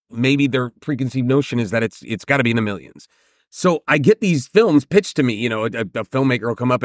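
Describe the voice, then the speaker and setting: A man's voice: medium pitch, dry recording, clean studio sound. A man hosting a solo filmmaking podcast, giving advice in a conversational, emphatic way and often checking in with "right?".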